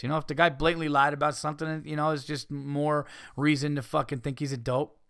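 A man hosting a podcast, ranting casually with heavy swearing and mocking people in put-on high voices. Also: fairly even intonation, a little fast, creaky, fairly bright tone, no room sound, clean studio sound. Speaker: podcast host. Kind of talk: casual rant.

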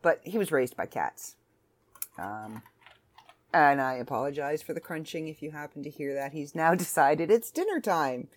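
A woman's voice: sits low, animated, normal speed. A woman hosting a casual solo podcast from home, chatting in a rambling, self-interrupting way. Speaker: podcast host.

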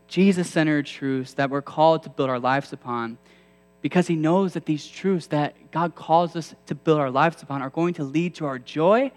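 A male preacher giving a sermon in a conversational way, often asking his listeners questions. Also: on the high side. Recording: long hall reverb.

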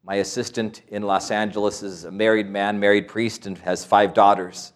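A man's voice: fairly low pitch, little pitch movement, moderate pace. A middle-aged man, a priest, preaching a sermon with stories, asides and quoted voices.

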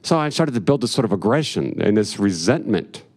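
A man's voice: on the low side, sing-song, fairly quick, a little mellow, slightly rough. A man telling a rambling personal story on stage, with profane, wry asides. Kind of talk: live storytelling with jokes.

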